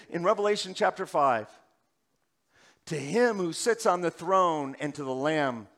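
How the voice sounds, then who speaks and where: Preaching man, fairly high voice. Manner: swings between loud urgent preaching and quiet hushed stretches. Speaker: pastor. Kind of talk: sermon.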